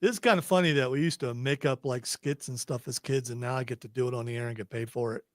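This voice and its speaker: A man's voice: mid-range voice, fairly even intonation, fast talker, no echo, clean studio sound. A man hosting a radio show, joking through casual on-air banter. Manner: joking, playful, breaks into shouts.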